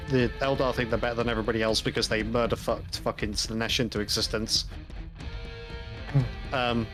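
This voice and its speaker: A man rambling through a casual chat with wry, sweary asides, sometimes slowing down and sometimes rushing. His pitch is middling, and soft music sits behind him. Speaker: stream co-host, hobby painter.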